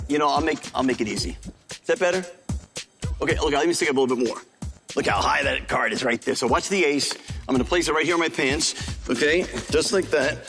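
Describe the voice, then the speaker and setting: A man from New York with a New York accent, a joking, fast-talking street magician doing stage patter in a TV theater. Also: on the high side, a bit bright. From New York City. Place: TV theater stage before a live audience. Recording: stage audio with crowd and music. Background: audience laughter and show music.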